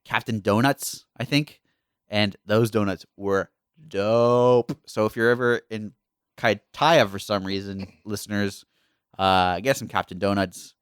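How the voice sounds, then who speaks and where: A man's voice: fairly low pitch, steady tone, a little slow, smooth, dry recording, clean studio sound. A young man co-hosting a podcast, telling a trip story in casual chat and teasing his co-host.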